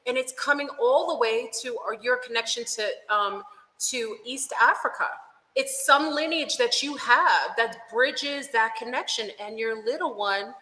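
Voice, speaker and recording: Woman, earnest, enthusiastic guest, bright sharp voice, echoey room with long reverb. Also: fairly high pitch, a little slow. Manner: earnest, enthusiastic, speaks of spiritual topics. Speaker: guest, spiritual speaker. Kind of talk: casual spiritual chat.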